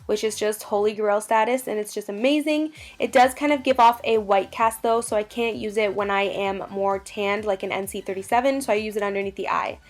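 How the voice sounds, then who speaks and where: A woman's voice: medium pitch, steady tone, brisk, hardly any pauses. A young woman narrating a makeup tutorial, gushing about products in a bubbly, chatty way. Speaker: beauty vlogger.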